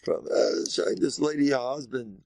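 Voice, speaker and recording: Animated older rabbi, gravelly voice. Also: male voice, medium pitch, unhurried, no room sound. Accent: American Orthodox Jewish English. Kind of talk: informal Torah lecture.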